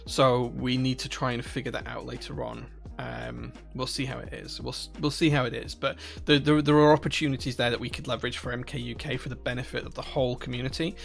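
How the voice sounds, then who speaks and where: Gravelly Northern Irish man chatting on stream. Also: medium pitch, flat delivery, fast, hardly any pauses, soft background music. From Northern Ireland. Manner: rambling, many restarts and fillers. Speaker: livestream host. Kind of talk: casual live-stream chat, reading chat questions.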